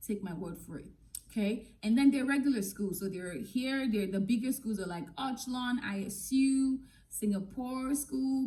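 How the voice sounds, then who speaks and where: A woman from Nigeria talks straight to camera in a casual advice vlog, blunt and no-nonsense. Her voice sits mid-height for a woman and has a mellow, warm tone. She works as an English teacher and speaks to viewers with candid asides. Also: medium pitch, poor audio.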